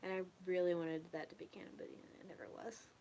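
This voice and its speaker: A young woman chatting casually with viewers in a relaxed, rambling way, often trailing off into a near whisper. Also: fairly low pitch, fast, a little hiss or hum. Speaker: ASMR streamer chatting with viewers. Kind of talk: casual soft-spoken chat.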